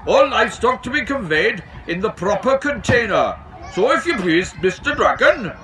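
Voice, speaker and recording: A prim, rule-bound station master in a storybook, raised in pitch and lively in his rise and fall, as a man puts him on. He speaks in an officious way, heard from a microphone some distance away outdoors. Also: normal speed, exaggerated voice. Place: outdoor railway event.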